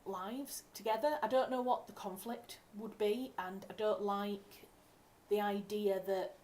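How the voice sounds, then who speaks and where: A woman's voice: mid-range voice, fairly even intonation, unhurried, a little mellow. A young woman from England, a writer hosting a casual livestream at home, talking in a chatty, rambling way and correcting herself as she goes. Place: home room.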